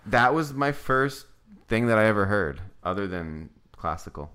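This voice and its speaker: A man's voice: lowish voice, animated, normal speed, sharp tone, slight background noise. A man chatting casually as a podcast guest, rambling and giggling, with lots of fillers. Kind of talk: casual chat.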